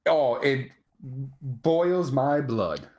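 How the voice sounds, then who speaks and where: A man's voice: medium pitch, expressive, darkish tone. A man with a Wisconsin accent co-hosting a casual live chat show. He laughs often and keeps checking in with "right?". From Wisconsin, USA. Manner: chatty, laughs often, fills pauses with "um" and "right?". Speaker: co-host.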